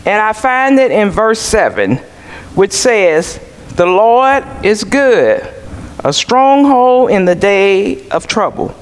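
A male pastor preaching a sermon in a slow, measured way, asking the congregation questions and waiting for their answers. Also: high-pitched, sing-song, smooth. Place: church sanctuary. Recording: church sanctuary with long reverb.

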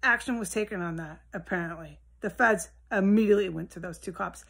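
A woman rambling alone at home in a solo monologue, swearing often and drifting between low mutters and heated outbursts. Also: fairly quick, gravelly, a bit bright. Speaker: vlogger. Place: at home, indoors with a window open.

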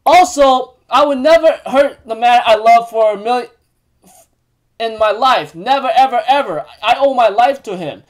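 A man voicing a brash, jealous young woman knight who talks loudly and taunts. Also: very high-pitched, moderate pace, pitched above the performer's own voice, poor audio. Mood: taunting. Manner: loud and taunting.

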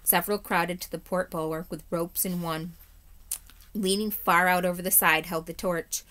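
A third-grade teacher with a lowish voice reads a chapter book aloud, her delivery steady and measured.

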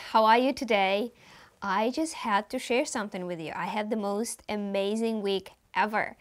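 A young woman with a Russian accent, a native Russian speaker, chatting to camera in a casual vlog in an upbeat, confiding way. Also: medium pitch. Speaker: vlogger and actor.

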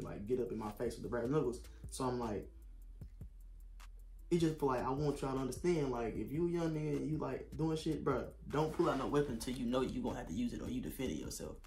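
A young man, telling a story in a casual vlog, animated and slangy, getting loud when he quotes himself. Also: medium pitch. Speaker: vlogger.

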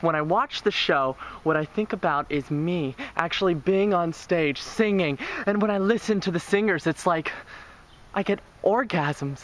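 A young woman from New York, a vlogger, gushing excitedly in a casual self-filmed audition video, recorded on a handheld flip camera outdoors by a beach. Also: lowish voice, normal speed. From New York City. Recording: loud outdoor noise, cheap camera mic.

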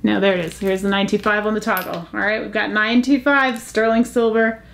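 A woman hosting a casual jewelry vlog, chatty and easily excited, gasping over pieces she finds. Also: medium pitch, a little fast, gravelly. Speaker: jewelry channel host.

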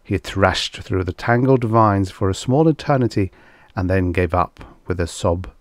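A man's voice: deep voice, a little slow, no room sound. A man reading vintage science fiction aloud as an audiobook narrator, telling the story expressively. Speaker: audiobook reader.

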